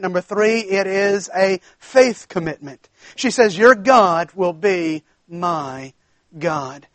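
A man preaching a sermon as pastor, emphatic, stretching key words slowly for weight. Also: high voice, no echo.

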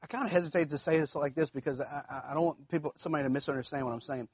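A man's voice: on the high side, rapid-fire, breathy edge, no echo. A man preaching a sermon in a conversational way, repeating himself and checking that the congregation follows. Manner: conversational preaching, repeats phrases, asks congregation if it makes sense. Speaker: pastor.

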